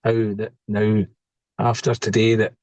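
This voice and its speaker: A man's voice: on the low side, little pitch movement, a little slow, darkish tone, no room sound. A middle-aged man, a podcast guest telling stories in a casual, joking way and laughing at his own tales. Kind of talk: casual storytelling interview.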